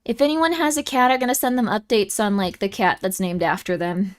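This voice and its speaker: A woman's voice: medium pitch, fairly even intonation, a little fast. A young woman streaming and chatting casually with viewers, giggly and easily moved, with lots of fillers.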